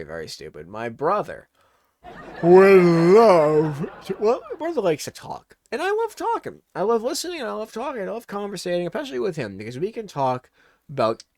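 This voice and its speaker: A man's voice: medium pitch, no room sound. A man in his twenties doing a casual comedy monologue, laughing often and swearing.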